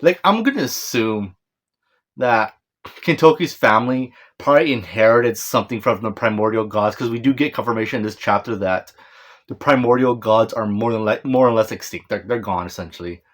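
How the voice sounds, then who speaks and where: A man's voice: fairly low pitch, a little fast. A man giving a casual, rambling manga chapter breakdown, stumbling over names, correcting himself and apologizing with a chuckle. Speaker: manga reviewer.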